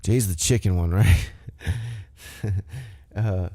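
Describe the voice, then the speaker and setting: Low-voiced and warm, this podcast host talks slowly through a casual wrestling recap. He rambles and tells the story loosely, in a conversational manner, and the sound is clean studio audio with no echo.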